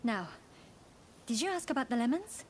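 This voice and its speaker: A gentle worried young ally. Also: female voice, a little high, very animated, normal speed. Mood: concerned. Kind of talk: video game dialogue. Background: game music.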